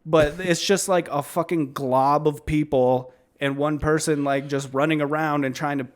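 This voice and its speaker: A man co-hosting a podcast in casual chat, rambling with many fillers and trailing off softly. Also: fairly high pitch, steady tone, normal speed. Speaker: podcast co-host.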